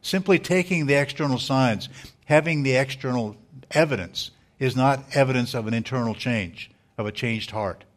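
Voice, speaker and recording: A man, a pastor, preaching a sermon in a measured, earnest way, with small restarts as he speaks. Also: medium pitch.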